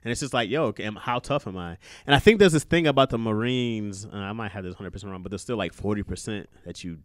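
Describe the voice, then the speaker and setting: A man's voice: fairly low pitch, quick pace, dry recording, clean studio sound. A man in his thirties hosting a podcast, talking loosely and profanely and laughing often. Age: 30s. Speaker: podcast host. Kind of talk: casual podcast chat.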